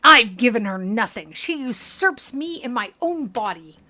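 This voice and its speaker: A woman's voice: fairly low pitch, expressive, measured pace, a bit bright, husky, full character voice. A woman voicing a tormented young male elf wizard, reading a game aloud in a clipped, bitter manner.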